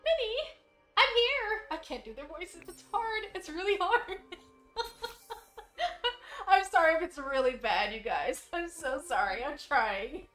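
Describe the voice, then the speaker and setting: Giggly, excitable young woman streamer. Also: high-pitched, measured pace, faint music behind. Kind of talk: casual game streaming commentary.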